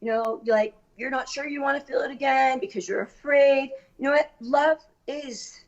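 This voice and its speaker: A middle-aged woman from Massachusetts, a guest on a casual podcast, talking in a chatty, animated way and swearing casually. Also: high-pitched, normal speed, highs cut off. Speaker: guest, actress. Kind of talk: casual chat. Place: Los Angeles.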